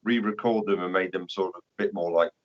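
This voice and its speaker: A man speaking as a guest author in casual podcast chat, his voice very low. He is measured and appreciative and keeps dropping "you know". The audio is dull and lo-fi. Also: fairly even intonation.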